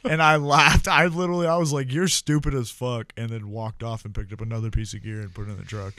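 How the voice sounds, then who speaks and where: A man's voice: medium pitch, fairly even intonation, quick pace, sharp tone, slight background noise. A young American man telling casual, profane stories, full of fillers and restarts. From United States. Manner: laid-back, profane, filler-heavy. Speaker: podcast guest, former Marine. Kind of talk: casual storytelling.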